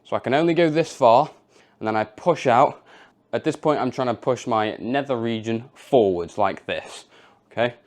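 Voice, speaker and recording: A young man talks through a home workout as he demonstrates each move. His delivery is chatty and informal, at an ordinary pitch. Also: normal speed. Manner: casual, chatty, demonstrating moves while explaining. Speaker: fitness coach.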